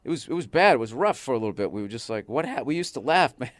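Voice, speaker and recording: A man's voice: medium pitch, lively intonation, rapid-fire, no room sound. A man telling profane stories as a guest on a casual podcast. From Boston area. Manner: profane storytelling, acts out quotes. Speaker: comedian guest.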